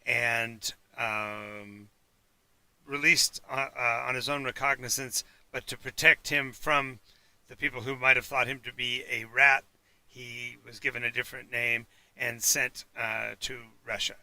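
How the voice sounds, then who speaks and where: A man serves as game master for a tabletop game on a live stream, his voice very bright and forward. He is recorded dry and close, with no room sound. He pauses and restarts a lot and fills the gaps with "uh" and "um". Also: mid-range voice, fairly even intonation, clear, resonant tone, no echo. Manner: halting, with many fillers and restarts. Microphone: home mic for a live stream.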